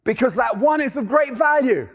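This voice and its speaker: A man preaching a sermon, animated, firing off rhetorical questions and acting out characters. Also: very high voice.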